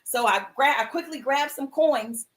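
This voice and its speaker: High-voiced woman telling an animated story. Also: unhurried. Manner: animated, acts out quoted voices, casual slang. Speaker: host of a mindfulness livestream. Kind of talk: inspirational storytelling to viewers. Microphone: livestream computer mic.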